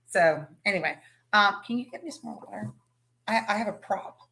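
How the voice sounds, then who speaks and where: A woman's voice: mid-range voice, a little fast, creaky, sharp tone, roomy sound. A woman hosting a casual livestream, chatting and greeting viewers by name. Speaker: livestream host.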